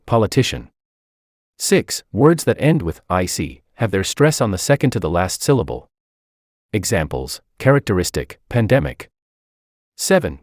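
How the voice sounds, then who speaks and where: A man's voice: deep voice, dry recording, clean studio sound. A man reading a scripted English exam tutorial, listing stress rules and examples one after another. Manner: reads rules and examples in a lively, up-and-down cadence.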